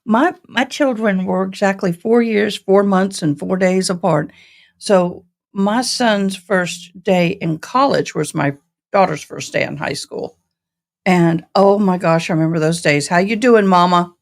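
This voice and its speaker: Slow folksy Southern woman host. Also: medium pitch, vocal fry. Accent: mixed East Tennessee and Texas Southern. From Tennessee, raised in Texas. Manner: chatty, folksy, greets viewers by name. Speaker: livestream host. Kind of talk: casual live-stream chat.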